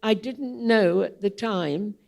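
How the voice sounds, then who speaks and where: An older woman with a gravelly, creaky voice tells anecdotes to a theatre audience. She talks slowly and wanders from point to point, with frequent ums. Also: mid-range voice, a little mellow. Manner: unhurried, digressive, with frequent ums. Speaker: guest speaker at a theatre panel. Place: theatre hall, public event.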